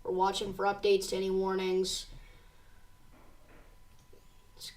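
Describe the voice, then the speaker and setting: A woman's voice: medium pitch, completely flat delivery, brisk, darkish tone, recorded from a distance. A woman hosting a live severe weather stream, reading tornado warnings aloud with urgency and talking straight to her viewers. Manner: urgent, reads warnings aloud, addresses viewers as you guys. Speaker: severe weather livestream host. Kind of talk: live storm coverage commentary.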